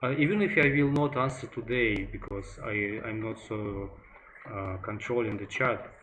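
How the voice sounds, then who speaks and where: A man with a Russian accent, a native Russian speaker, giving live working-stream commentary as a sculpting instructor in halting, broken English while thinking aloud. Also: lowish voice, fairly bright tone, rough recording. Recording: background noise with ticking clock.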